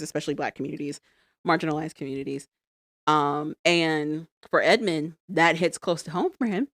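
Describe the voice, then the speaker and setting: A woman with a somewhat low voice recaps a reality show in a casual podcast chat, acting out what the people on screen said. She is on a close mic in a dry room. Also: dry recording. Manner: animated storytelling, acts out quotes. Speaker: podcast co-host.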